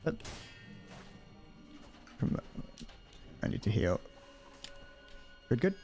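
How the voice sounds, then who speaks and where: A man's voice: mid-range voice, big pitch swings, drawn-out words, dark tone, soft background music. A young man giving casual, rambling commentary while playing a game, self-deprecating and chatty. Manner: rambling, self-deprecating, frequent laughs and restarts. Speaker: streamer.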